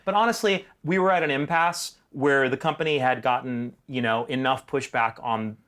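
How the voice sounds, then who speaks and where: A middle-aged male screenwriter telling a story in a casual, animated way, acting out the other people. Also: mid-range voice, normal speed, few pauses. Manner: animated, acts out voices. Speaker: screenwriter, guest.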